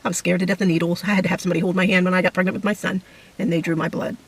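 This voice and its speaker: A middle-aged woman giving an emotional personal testimony to camera, halting and fighting back tears. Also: lowish voice, flat delivery, slightly rough, distant mic, rough recording. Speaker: vlogger sharing a testimony.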